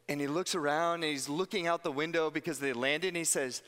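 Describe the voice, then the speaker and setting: Pastor preaching in a reverberant hall. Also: male voice, a little high, quick pace, hardly any pauses. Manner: animated storytelling, acts out quoted voices. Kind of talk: sermon.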